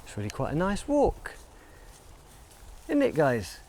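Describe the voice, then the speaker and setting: A man talks casually into a handheld camera as he walks around a field outdoors, chatting playfully with the cows around him. His voice is warm and mellow. Faint outdoor ambience sits under his voice. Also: fairly high pitch, huge pitch swings, unhurried, a little hiss or hum. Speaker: vlogger. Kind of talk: casual walking vlog. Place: outdoor field beside a stone circle.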